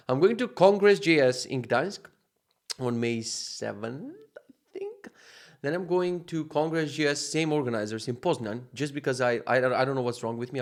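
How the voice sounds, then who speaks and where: A man in his thirties with a Macedonian accent, talking casually in a rambling, profane daily vlog with animated bursts. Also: medium pitch. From North Macedonia. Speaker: vlogger, software founder.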